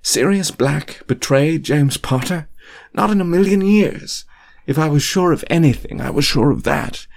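A man's voice: a little high, a little slow, creaky, a little mellow, voice pushed up. A man reading an anguished, pleading wizard. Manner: pleading, urgent questioning. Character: anguished grown wizard man, earnest and desperate. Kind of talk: audiobook reading.

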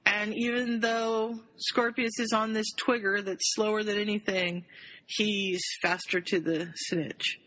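A woman's voice: mid-range voice, a little slow, rough recording. A woman on a group call, casually retelling and reading a fan story to friends. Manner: retells the story in lively summaries.

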